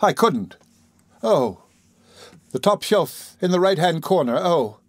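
A man's voice: high voice, big pitch swings, takes it slowly, no room sound, studio quality, voice pushed up, exaggerated voice. A man voicing a flustered middle-aged woman matron who talks in a breathless, whimpering way.

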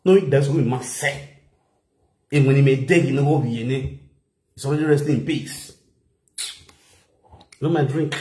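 A man's voice: mid-range voice, unhurried, long pauses, roomy sound. A man with a Nigerian accent chatting loosely and laughing often on a live stream. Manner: laughing, rambling, animated. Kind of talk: casual live-stream chat.

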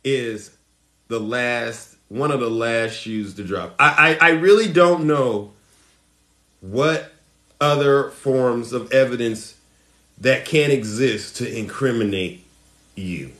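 A man hosting a political commentary show, theatrical, swinging between shouted outbursts and hushed, mock-solemn asides as he addresses his viewers. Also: medium pitch, slow pace.

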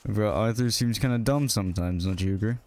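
A man's voice: on the low side, a little mellow. A male streamer muttering sarcastic, casual commentary while playing a game.

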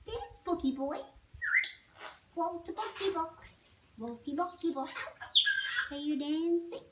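A woman's voice: extremely high pitch, expressive, slow pace. A woman filming her pet parrots at home, cooing at them in sing-song baby talk and repeating their pet names. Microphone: handheld camera. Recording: loud parrot noise behind. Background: parrots squawking.

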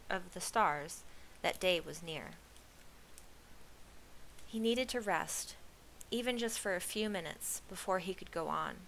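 A woman reading a novel aloud with steady, expressive storytelling. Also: lowish voice, gravelly, a little hiss or hum, rough recording. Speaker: reader.

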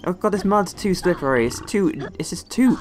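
A man's voice: high voice, animated, moderate pace, slight background noise. A young man from the West Country of England doing let's play commentary, exclaiming and grumbling at the game as he plays. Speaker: gaming video host.

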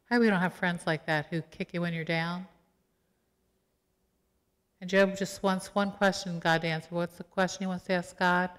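A middle-aged woman pastor giving a sermon in a conversational, animated storytelling way, acting out quoted voices. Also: on the low side, normal speed, pauses often, smooth. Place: church sanctuary. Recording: long church reverb.

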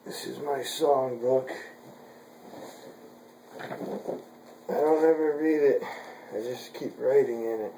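Slow-talking young man with a mellow voice. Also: mid-range voice, reverberant, a little hiss or hum, low-quality recording. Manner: frustrated, swearing at gear. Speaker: vlogger. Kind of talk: casual home vlog.

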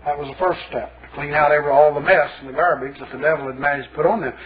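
Male pastor, folksy colloquial sermon, slightly high voice, narrow phone-like sound. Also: fairly even intonation, racing.

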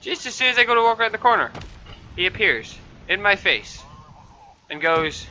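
A man giving loud, profane, excitable commentary over his own gameplay and yelling at opponents. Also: high voice, moderate pace, pauses often, highs cut off. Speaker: gaming commentator.

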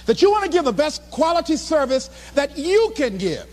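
Middle-aged male motivational speaker, very high and animated, preacherly and shouting. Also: normal speed, long reverb tail. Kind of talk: motivational speech.

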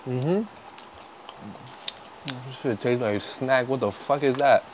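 A young man talking through a food tasting in a casual, profane way, cracking jokes and breaking into loud bursts. His voice sits at an ordinary middle pitch for a man, with a faint hum of noise behind him. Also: slow pace. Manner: profane, joking, loud outbursts. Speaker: vlogger.

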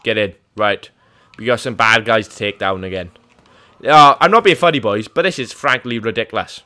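A young man, joking through cop role-play as he plays a multiplayer game, jumping from loud yelps to muttered asides. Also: fairly low pitch, normal speed. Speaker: gaming channel host.

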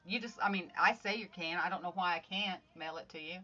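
Fairly quick and sharp-toned, this low-leaning female voice belongs to a livestream host making craft art at home. She keeps the chat upbeat and greets viewers by name as she goes. Audio from her live phone stream is slightly dull, with faint music playing.

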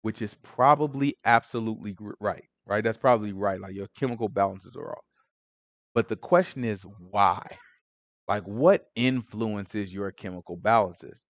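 A man leading a casual Bible study, animated and conversational, full of asides. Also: on the low side, normal speed, no echo, dull audio.

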